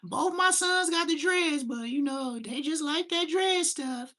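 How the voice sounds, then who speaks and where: A man voicing a proud, chatty churchgoing older mother in a slow, high, sweet voice. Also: a bit bright.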